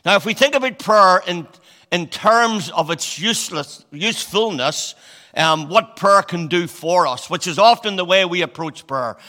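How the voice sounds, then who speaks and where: A man in his sixties preaches in a loose, chatty, storytelling manner, often pausing on fillers and restarting his phrases. His voice sits a little high for a man and sounds bright and forceful. The sound carries a long reverb, like a church hall. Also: animated. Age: 60s. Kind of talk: sermon.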